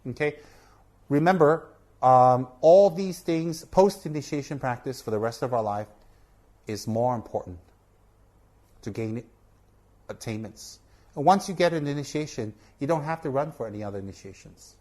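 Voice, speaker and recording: Brief male Buddhist teacher, casual earnest teaching talk, medium pitch. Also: normal speed, a little mellow. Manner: earnest, repeats for emphasis, asks "okay?". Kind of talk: informal teaching talk to camera.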